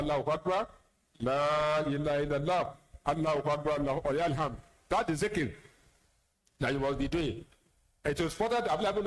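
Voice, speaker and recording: A Nigerian-accented man preaching as an imam, his voice sitting somewhat high for a man. He talks plainly, repeats words for emphasis and slips in teasing asides to his listeners. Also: low-quality recording. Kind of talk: sermon lecture.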